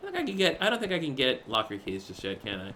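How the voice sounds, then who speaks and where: A man streaming a game, giving offhand, drawn-out commentary. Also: medium pitch, huge pitch swings, pushed and bright, slight background noise.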